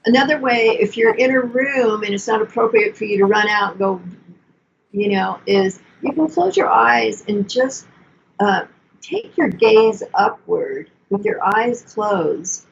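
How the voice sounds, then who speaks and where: An older woman therapist explaining self-compassion in a calm, soothing conversational way, repeating key phrases. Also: mid-range voice, measured pace, vocal fry, highs cut off, slight background noise. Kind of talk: conversational teaching.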